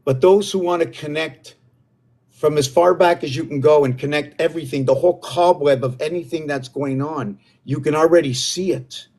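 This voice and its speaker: A man hosting a live stream alone, talking in a meandering, excitable way and often losing his own thread. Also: a little high, normal speed. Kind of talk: rambling solo livestream talk.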